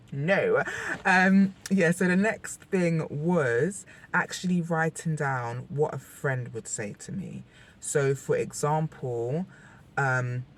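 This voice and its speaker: A woman's voice: deep voice, a little hiss or hum. A young woman talking candidly to camera in a personal vlog, emotional and rambling, often restarting her sentences. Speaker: vlogger.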